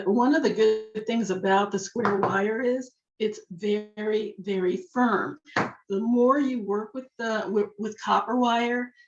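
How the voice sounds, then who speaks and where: Slow, slightly hoarse woman teaching jewelry. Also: mid-range voice. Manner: chatty, talks to herself while working. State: slightly hoarse, losing her voice. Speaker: jewelry-making instructor. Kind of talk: step-by-step craft demonstration. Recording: echoey room, dull lo-fi sound.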